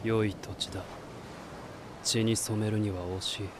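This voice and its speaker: An actor playing a composed, commanding young male king who gives calm, measured orders, in anime voice acting. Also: fairly low pitch, background noise, natural voice. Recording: anime clip with background ambience.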